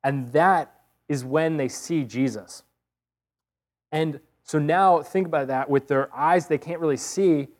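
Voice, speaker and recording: A man's voice: a little high, a little slow, a little mellow. A man preaching a sermon, retelling a story vividly and earnestly with rhetorical questions.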